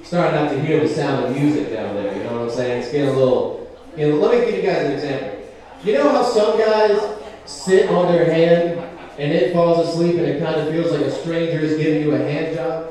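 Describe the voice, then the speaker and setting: A young male stand-up comedian with a fairly high voice rambles through a profane club set, tossing in constant asides. He sounds a bit distant from the mic, in a very echoey room. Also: brisk, mellow.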